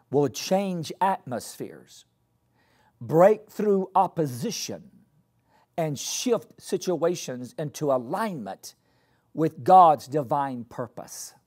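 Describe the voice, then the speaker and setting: A man preaches a sermon at an unhurried pace. His voice swings widely in pitch as he drives home each point, repeating key phrases and calling the congregation to repeat them after him. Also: very animated, a little mellow, slightly rough. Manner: leads the congregation in call-and-response. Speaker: pastor.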